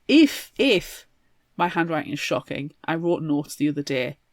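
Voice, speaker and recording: A woman's voice: low voice, very animated, normal speed, dry recording. Woman, casual book-podcast co-host, playful and jokey, dry close mic. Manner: playful, jokey, laughs often.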